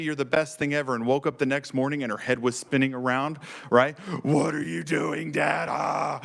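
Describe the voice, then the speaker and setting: A man's voice: on the high side, a bit bright. A man giving emotional, fervent testimony to a legislative committee as a program director, speaking with earnest enthusiasm. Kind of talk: passionate public testimony. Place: state legislature committee room.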